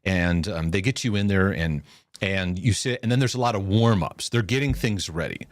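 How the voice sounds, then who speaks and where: This podcast host, once a pastor in the United States, spins a story in relaxed chat and quotes the people involved. He speaks with a low pitch at a moderate pace, and the studio-quality recording has no room sound. His delivery is lively, with repeated words and quoted lines.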